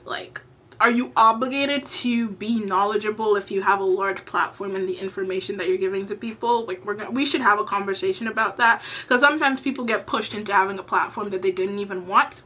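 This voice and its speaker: Bright-voiced woman in a heated rant. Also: medium pitch, a little fast. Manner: heated, exasperated, swears freely. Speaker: YouTube commentator. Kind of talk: ranting commentary vlog.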